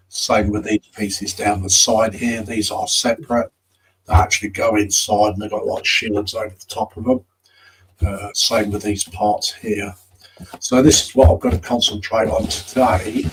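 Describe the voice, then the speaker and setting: A man on a live stream panel, calmly explaining his work step by step. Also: on the low side, far from the mic, a little hiss or hum, poor audio. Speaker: guest panelist. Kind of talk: casual live-stream chat.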